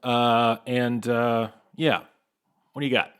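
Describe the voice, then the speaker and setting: A man's voice: medium pitch, fairly even intonation, slow, a bit bright, clear, resonant tone. A man narrating as game master in a tabletop game, loose and conversational with frequent fillers.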